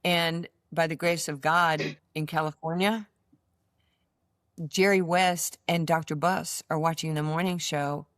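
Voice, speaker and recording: An American woman in her sixties with a New York accent, a former basketball player, is a guest in a casual storytelling interview, animatedly acting out voices in her anecdotes. Her voice is low and her pace measured, in studio-quality audio with no echo.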